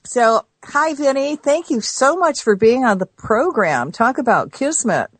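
A woman's voice: high voice, dry recording. Chatty American woman radio host. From United States. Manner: chatty, animated, quick asides. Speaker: radio talk show host. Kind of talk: casual talk radio chat.

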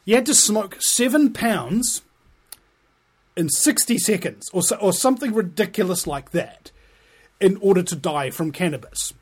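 A man's voice: high-pitched, animated, unhurried, husky. A middle-aged man hosting a podcast, giving sarcastic, impassioned commentary and laughing at his own jokes. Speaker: podcast host. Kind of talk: ranting commentary.

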